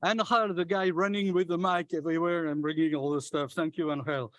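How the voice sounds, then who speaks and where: A man giving closing remarks at a conference as its organizer, thanking everyone in a halting way with many hesitations and restarts. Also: fairly high pitch, fairly even intonation, a bit bright, dry recording. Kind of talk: closing speech thanking participants. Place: conference hall stage.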